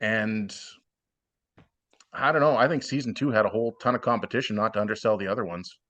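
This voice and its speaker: Plainspoken man with a low voice. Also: brisk, a bit bright. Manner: blunt, plainspoken advice. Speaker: podcast guest, former cooking show contestant. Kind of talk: casual interview chat.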